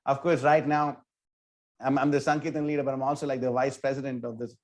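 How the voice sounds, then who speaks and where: A man who leads a temple's book distribution team tells a story in a casual interview, talking in an animated way, full of "like" and "you know". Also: mid-range voice, fast talker. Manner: animated, filler-heavy, with many "like" and "you know".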